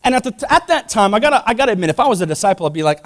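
A man preaching a sermon to his church, animated and conversational, acting out voices and swinging between loud passages and hushed ones. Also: sits high, very fast. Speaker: pastor.

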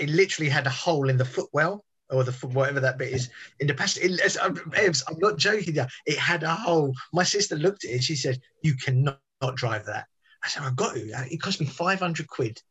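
A man's voice: medium pitch, a bit bright, husky. A man, telling a rambling story in casual podcast chat. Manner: chatty, rambling with restarts and tangents. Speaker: podcast guest.

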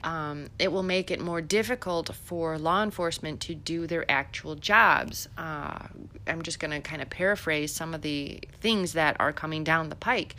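A woman's voice: sits low, normal speed, pushed and bright, a little hiss or hum. A middle-aged woman from Illinois hosting a podcast, giving chatty, sarcastic political commentary with many fillers. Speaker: podcast host.

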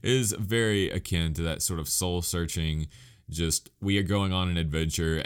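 A man's voice: deep voice, smooth. A man hosting a podcast, giving a casual solo review in a rambling, self-mocking, enthusiastic way. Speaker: podcast host reviewing anime.

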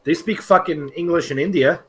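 A man's voice: fairly high pitch, moderate pace, a bit bright, slight background noise. A man co-hosting a podcast, teasing his friend and swearing freely in casual banter. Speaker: podcast co-host.

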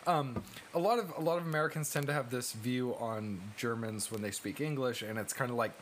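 A man's voice: mid-range voice, a little fast, a little hiss or hum. A young man co-hosting a casual movie podcast, telling stories loosely and laughing along. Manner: laughing, loose storytelling with swearing. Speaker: podcast co-host. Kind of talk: casual chat.

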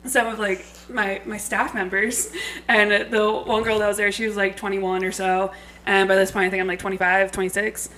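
A woman's voice: mid-range voice, flat delivery, normal speed, fairly bright tone, a little hiss or hum, rough recording. Frank young woman, podcast guest. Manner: frank, laughs easily. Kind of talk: casual comedic chat.

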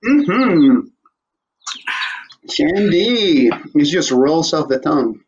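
A man's voice: medium pitch, unhurried, a little hiss or hum. Joking male host, slightly dull audio. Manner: joking, rambling, laughs often. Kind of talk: casual interview chat.

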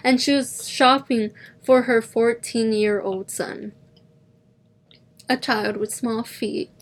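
A young woman with a slightly high voice tells a story in a relaxed, chatty way. She sprinkles "like" through almost every sentence, like someone talking to a friend. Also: slow. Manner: chatty, heavy use of "like" as filler. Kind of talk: casual storytelling chat.

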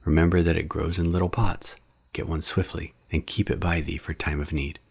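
A man voicing a proud, tender male black panther in a low, grave storybook voice. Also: little pitch movement, fairly quick, gravelly, breathy edge, heavily acted.

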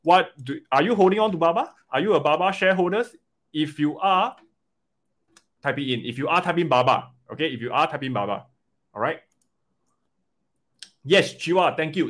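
A man coaching an investing webinar live, animated and often checking in with "right?" and "okay?". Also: fairly high pitch, moderate pace, pauses often.

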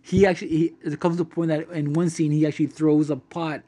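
A man chatting casually about an old comedy film, halting with many restarts and fillers. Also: a little high, little pitch movement, dark tone.

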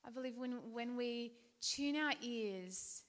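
A woman with a voice a little above the usual in pitch, giving a devotional talk as a personal testimony. She tells it conversationally, with fillers and false starts, and keeps it earnest and heartfelt throughout. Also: slow. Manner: conversational, storytelling with fillers and restarts. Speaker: Christian speaker.

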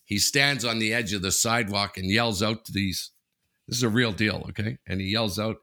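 Gravelly, rambling male podcast co-host. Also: medium pitch, bright, forceful tone. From Canada. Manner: rambling storyteller, halting restarts, laughs a lot. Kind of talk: casual sports podcast chat.

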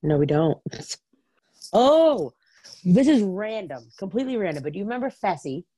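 A woman chatting casually about reality TV, full of "like" and quick asides. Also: medium pitch, sing-song, mellow, no echo. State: has the hiccups.

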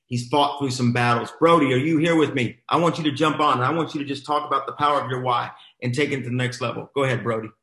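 A man's voice: medium pitch, fairly even intonation, quick pace, few pauses, a bit bright, echoey room. A middle-aged man telling a motivational story as host of a coaching boot camp, emphatic and exhorting, repeating his phrases.

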